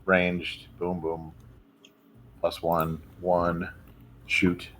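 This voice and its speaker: Low-voiced man chatting as a player. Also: completely flat delivery, extremely slow, fairly bright tone, slight background noise. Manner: casual, apologetic, thinks aloud.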